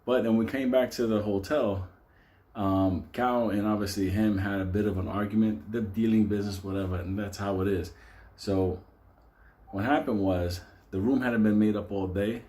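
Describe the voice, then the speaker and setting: Mellow-voiced man telling a profane story. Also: fairly low pitch. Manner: animated, swears constantly, laughs through his story. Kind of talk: casual profane anecdote telling.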